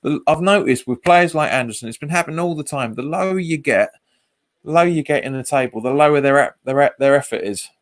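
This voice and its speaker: A man's voice: on the high side, expressive, quick pace. A man hosting a live football watch-along stream, chatting casually with viewers and often calling them "mate," recorded on a webcam. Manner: chatty, reacts to live chat comments and the match. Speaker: host of a football fan channel.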